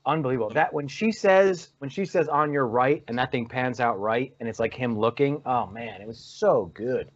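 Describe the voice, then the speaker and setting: A man's voice: medium pitch, normal speed, hardly any pauses. A man gushing about a movie's camera work in a casual podcast chat. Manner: enthusiastic, gushing. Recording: dull lo-fi sound.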